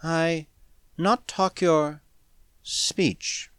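A man voicing a mysterious catlike alien woman who speaks slowly in broken, hushed phrases. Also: a little high, fairly even intonation, clean tone, no echo, clean studio sound, pitched above the performer's own voice. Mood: halting, hushed. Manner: halting broken speech, slow and hushed.

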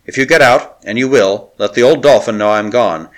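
Audiobook: brash young hero, affectionate and rough-edged, read by a man. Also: medium pitch, normal speed, natural voice, low-quality recording. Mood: strained. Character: reckless young Irish adventurer man, warm-hearted. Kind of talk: audiobook character reading.

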